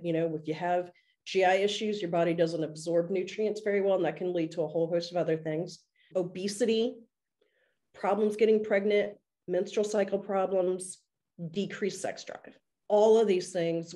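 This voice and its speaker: A woman with a fairly low voice co-hosts a podcast, talking earnestly and at length. Her tone is casual and she now and then laughs at herself. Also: warm tone. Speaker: podcast co-host.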